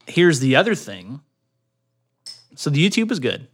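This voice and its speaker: A man's voice: a little high, very animated, a little slow, slightly rough. A man co-hosting a casual podcast, joking around and laughing often. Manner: joking, laughs often, does silly accents. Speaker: podcast co-host. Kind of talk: casual chat.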